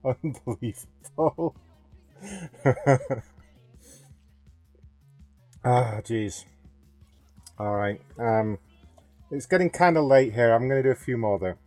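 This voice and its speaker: A man's voice: medium pitch, darkish tone, no echo. A man hosting a prank-call show in a casual, wry, sarcastic way. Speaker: host.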